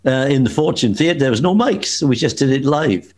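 A male entertainer co-hosting a radio chat, chatty and quick to laugh. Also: mid-range voice, animated, darkish tone. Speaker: co-host, entertainer.

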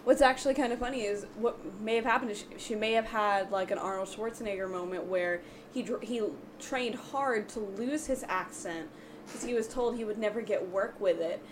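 A woman co-host chatting on a panel show, at a middle pitch for a woman. She walks through a story in long, explaining turns. Faint noise sits in the background. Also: normal speed. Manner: chatty, explains stories at length. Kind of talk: casual panel chat.

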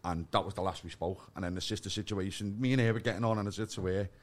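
Fast-talking blunt man. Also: low-pitched, fairly even intonation. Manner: blunt and sweary, acting out both sides of phone rows. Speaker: podcast guest. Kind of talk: casual storytelling chat.

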